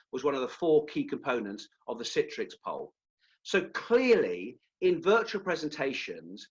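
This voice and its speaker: A man leading a webinar as a presentation skills trainer, animated and demonstrative, sometimes correcting himself mid-phrase. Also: mid-range voice, dull audio.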